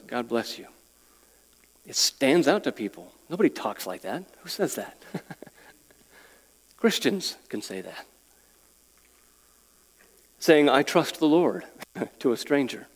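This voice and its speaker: A man's voice: medium pitch, a little mellow. A man preaching a sermon as pastor, earnest, chuckling and repeating words as he makes his points. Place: church sanctuary. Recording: long reverb of a church hall.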